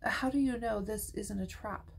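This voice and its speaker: A woman's voice: mid-range voice, moderate pace, vocal fry, slightly rough. A woman voicing an outspoken, suspicious preteen girl who speaks bluntly in a storybook reading.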